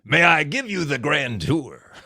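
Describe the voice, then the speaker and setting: A man doing a gravelly, good-humored hotel worker, slow and courteous, proud of his job. The voice sits a bit higher and louder than the teller's own and drawls out each word. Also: big pitch swings, no room sound, clean studio sound, full character voice. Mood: cheerful.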